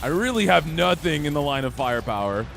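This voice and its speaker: A man's voice: on the high side, sing-song, fairly quick, vocal fry, a bit bright, a little hiss or hum. A young man streaming a game, chatting casually and easygoing with his viewers. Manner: easygoing, chatty, talks to chat. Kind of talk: casual gameplay chat.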